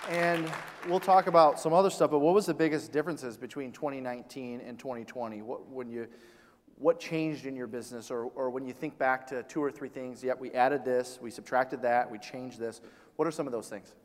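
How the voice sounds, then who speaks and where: A male host asking questions in an interview, energetic and often rephrasing himself. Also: medium pitch, brisk, big-room sound.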